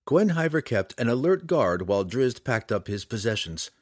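A middle-aged man reading a fantasy novel aloud as scripted narration, with expressive storytelling. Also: medium pitch, normal speed, dry recording, studio quality. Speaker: audiobook narrator.

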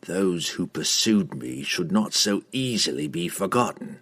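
A man reading an audiobook, voicing a grim male assassin with a slow, low growl. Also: expressive, fairly bright tone, heavily acted.

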